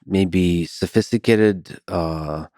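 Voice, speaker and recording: Deep-voiced male podcast host, dry. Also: extremely slow, a little mellow, dry recording. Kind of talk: casual conversation.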